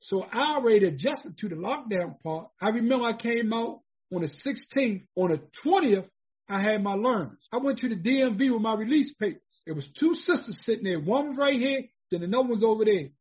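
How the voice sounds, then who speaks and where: A man's voice: sits high, animated, fairly quick, breathy edge. A man in his forties from the United States telling his own story in an emphatic, repetitive, conversational way. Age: 40s. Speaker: formerly incarcerated speaker. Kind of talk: personal storytelling talk. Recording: dull lo-fi recording.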